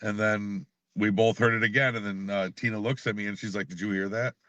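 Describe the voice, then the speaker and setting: A man with a fairly low voice tells his own stories as a podcast guest. He is hesitant and often pauses to gather his words. The sound is close and dry. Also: flat delivery, a bit bright, no echo. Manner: hesitant, many uh fillers. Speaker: paranormal investigator guest. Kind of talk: casual storytelling.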